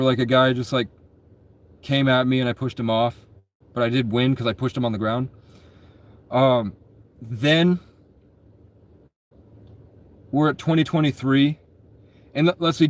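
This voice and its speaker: Rambling, profane young man telling stories. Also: mid-range voice. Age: 20s. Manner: rambling, profane, frequent self-corrections. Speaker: storyteller. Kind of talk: casual personal storytelling.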